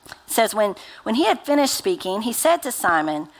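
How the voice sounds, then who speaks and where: A woman's voice: on the high side, sing-song, normal speed. Conversational woman preaching a sermon. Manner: conversational, uses many fillers like "like" and "right?". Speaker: pastor.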